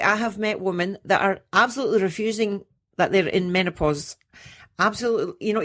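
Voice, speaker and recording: A middle-aged woman, a menopause coach and podcast guest, telling stories in a lively way, acting out what people said and laughing often. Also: on the high side. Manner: animated storyteller who acts out quotes and laughs often. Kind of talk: casual interview chat.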